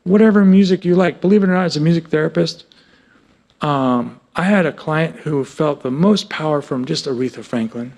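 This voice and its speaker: A man who works as a music therapist, presenting a workshop to a live audience in an animated, joking way, often asking the audience questions. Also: on the high side, moderate pace. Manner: animated and joking, breaks into sung snippets; asks the audience frequent questions.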